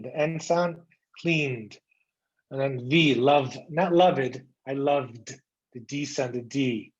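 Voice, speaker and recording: Brief: man teaching English on a video call, slow drilling delivery, higher pitch, dull lo-fi audio. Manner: slow, drilling words by repetition, encouraging. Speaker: English coach giving a speech. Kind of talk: online English pronunciation lesson.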